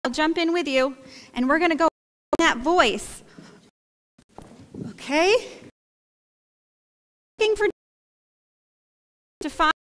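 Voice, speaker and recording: A woman's voice: sits high, animated, slow, pauses often, a bit bright, a little hiss or hum. A woman pastor leading a playful, interactive children's story, coaxing the kids to act it out. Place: church sanctuary. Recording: echoey church hall.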